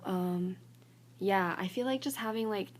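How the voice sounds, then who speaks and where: A young adult college student vents to her phone camera in a casual vlog, annoyed and exasperated. Her mid-range voice is a little slow, with a bit of hiss or hum, and she rambles, saying "like" in nearly every phrase.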